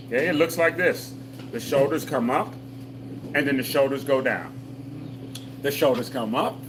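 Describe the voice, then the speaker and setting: A man with a mid-range voice leads seniors through a live workout, repeating step-by-step call-and-response cues patiently and tossing in folksy jokes. Background noise is audible.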